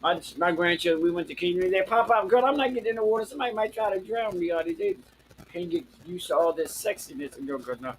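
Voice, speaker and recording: A man's voice: high-pitched, expressive, fast talker, slight background noise, rough recording. A man, hosting a casual live-stream chat in a sassy, flamboyant way, swearing freely and calling everyone girl and honey. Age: 50s. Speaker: host.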